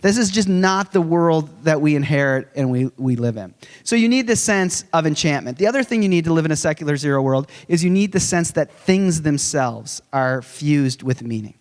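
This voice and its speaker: A man in his forties, giving a conference lecture in a conversational, animated way with humorous storytelling. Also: a little high, normal speed. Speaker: conference speaker. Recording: long reverb of a large hall.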